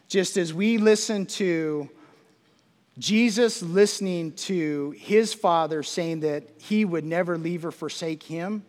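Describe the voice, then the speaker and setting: Slow, emphatic man preaching in a reverberant church. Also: fairly high pitch. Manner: emphatic preaching, drops to a hush on quoted verses. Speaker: pastor. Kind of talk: sermon. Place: church sanctuary. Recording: long hall reverb.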